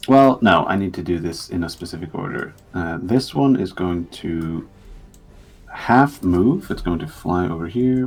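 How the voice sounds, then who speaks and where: A man's voice: low voice, animated, measured pace, slightly rough. A man running a tabletop game as game master, thinking aloud and counting out moves.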